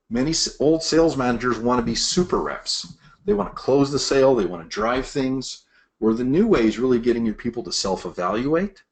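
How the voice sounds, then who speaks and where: A man's voice: medium pitch, brisk. A middle-aged man teaching sales managers in a master class, acting out what bosses and reps say. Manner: animated, acts out quoted bosses and reps. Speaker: sales leadership trainer. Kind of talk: presentation-style master class.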